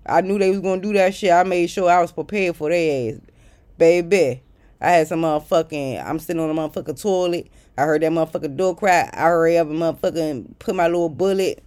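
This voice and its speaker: A woman telling a casual storytime rant to her viewers, blunt and profane and exasperated, swinging between loud outbursts and muttered asides. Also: lowish voice, brisk. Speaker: vlogger.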